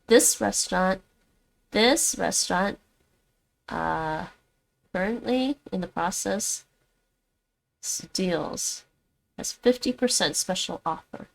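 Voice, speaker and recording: A woman's voice: medium pitch, expressive, drawn-out words, creaky, long pauses. A woman whose first language is Dutch, chatting casually with her livestream viewers while she studies languages, often addressing them by name and reading text aloud. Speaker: streamer learning languages.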